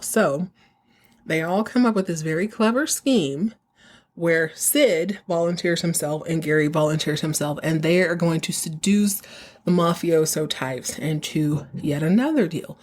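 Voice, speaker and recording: A woman hosting a podcast, casually recapping a TV episode in an animated, slangy way and acting out the characters. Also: low voice, unhurried. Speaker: podcast host.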